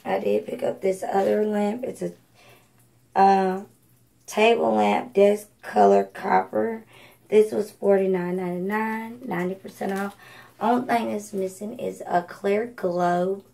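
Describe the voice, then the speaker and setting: A woman's voice: medium pitch, steady tone, measured pace, vocal fry, warm tone, poor audio. A woman from Georgia, chatting casually through a thrift haul with lots of ums and self-corrections. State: coughing from allergies. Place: home at night.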